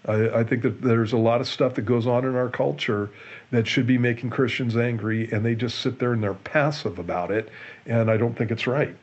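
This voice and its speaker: A man, a pastor, explaining a Bible passage in a relaxed Q&A show, earnest and often restarting and repeating his words. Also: medium pitch, moderate pace, slightly rough, lo-fi sound. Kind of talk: conversational Bible teaching in a Q&A show.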